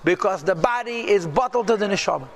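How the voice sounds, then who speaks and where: High-voiced man teaching a text class. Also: fast. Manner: reads phrases aloud and translates each, then asks and answers his own questions; lively teaching with rhetorical "yeah?" and "right?". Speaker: Torah teacher. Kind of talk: text-based religious class.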